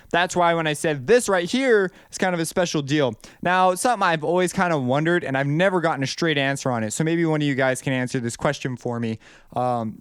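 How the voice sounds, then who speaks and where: A young man teaching melody writing in a casual video lesson keeps things easygoing, often restarting and thinking out loud as a music composition teacher. He sounds smooth and clear with a slightly high voice, and the recording is close and dry with no echo.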